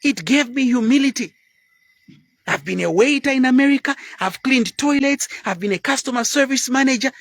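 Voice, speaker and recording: A man in his fifties giving a blunt, preachy motivational talk live online, dropping now and then into quiet asides. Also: extremely high pitch, normal speed. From Zambia. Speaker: motivational speaker.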